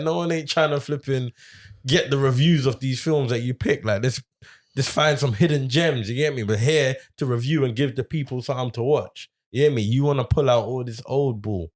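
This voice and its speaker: A man's voice: mid-range voice, moderate pace. A young man, co-hosting a film review show in casual, teasing banter full of slang. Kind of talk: casual chat.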